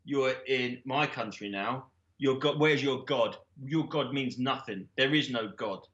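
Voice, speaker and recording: A man voicing a cruel, mocking male guerrilla captor with slow sneering taunts. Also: mid-range voice, fairly bright tone, reverberant, dull audio, natural voice. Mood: taunting.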